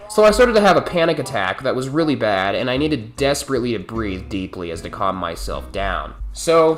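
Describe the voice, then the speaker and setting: A man telling a story straight to camera, his voice swinging lively up and down as he rambles. He swears freely and talks with animated energy at a middle pitch. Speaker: storytelling vlogger. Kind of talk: storytime monologue.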